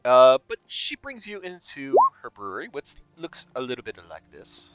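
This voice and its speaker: A man's voice: mid-range voice, wildly swooping pitch, moderate pace, fairly bright tone, clean tone, dull audio. A man narrating as game master in a tabletop role-playing game.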